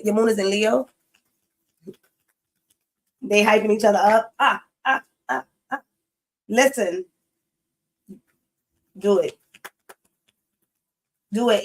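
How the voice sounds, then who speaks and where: A woman's voice: medium pitch, rough recording. Blunt, cussing woman reading tarot. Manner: blunt, swears freely, emphatic repetition; chatty, talks straight to viewers. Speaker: tarot reader. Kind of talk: casual tarot reading to camera.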